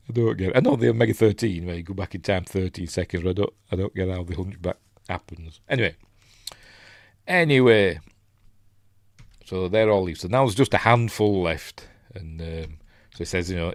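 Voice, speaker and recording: A man's voice: low voice, normal speed, no echo, clean studio sound. A man with a Yorkshire accent hosting a casual film commentary, rambling with many ums and restarts. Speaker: host.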